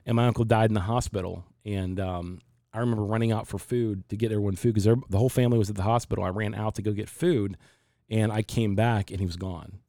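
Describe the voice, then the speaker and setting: A man in his forties with a low, mellow voice, talking through his faith in an unhurried, reflective way. He often stops and restarts his sentences. The recording is dry and close. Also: steady tone, no echo. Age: 40s. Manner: reflective, halting with many restarts. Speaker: pastor. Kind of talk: casual faith discussion.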